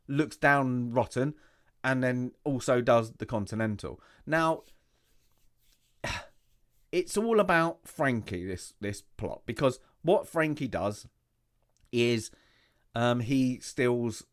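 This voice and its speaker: A man hosting a casual review, rambling and chatty, full of rhetorical questions and asides, his voice still recovering from loss. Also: medium pitch. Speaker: host.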